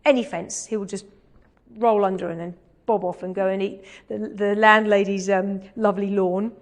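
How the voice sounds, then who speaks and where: A woman from England telling an animated anecdote in a talk, dropping to slow, hushed asides when quoting. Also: mid-range voice. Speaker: animal communicator giving a talk.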